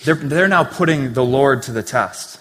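A man's voice: medium pitch, lively intonation, moderate pace, fairly bright tone. A man preaching a sermon in a conversational, earnest way, with casual asides to the congregation. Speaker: pastor. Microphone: handheld or stand mic. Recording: long hall reverb.

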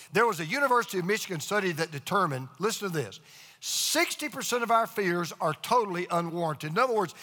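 A man's voice: sits high, pushed and bright, in a large hall. A man preaching a sermon with emphatic call-and-response to his congregation. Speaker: pastor.

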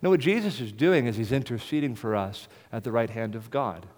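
A man preaching a sermon as the pastor, moving between soft, hushed lines and loud, ringing proclamation. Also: medium pitch, expressive, a little fast. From United States. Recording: reverberant hall.

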